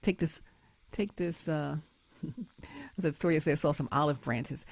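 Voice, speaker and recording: A woman's voice: deep voice, lively intonation, normal speed, gravelly, breathy edge, no room sound. A woman hosting her show, giving emphatic, preachy commentary with frequent laughs. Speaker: host.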